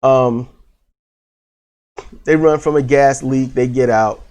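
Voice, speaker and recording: A man's voice: medium pitch, steady tone, takes it slowly, darkish tone. Rambling man reviewing a movie. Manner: rambling, frequent restarts and fillers, casual swearing. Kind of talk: casual spoken movie review.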